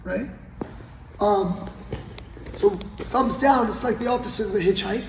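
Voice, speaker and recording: Speaking unhurriedly in a high, creaky voice, a man teaches grappling on the gym mats while showing a technique and checking in with his partner regularly. The recording carries a little hiss or hum and the long reverb of an echoey gym.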